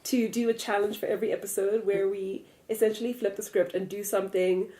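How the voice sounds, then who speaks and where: A woman from Namibia co-hosting a casual podcast chat, talking in a rapid, breezy way. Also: medium pitch, little pitch movement, dark tone, reverberant. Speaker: podcast co-host.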